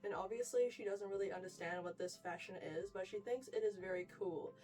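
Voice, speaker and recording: Young woman, New Zealand accent, casual wardrobe vlog, gushing, mid pitch, mic at a distance, faint music. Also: a little fast, darkish tone. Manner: gushing, chatty, says "freaking" and "like" a lot. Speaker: fashion vlogger.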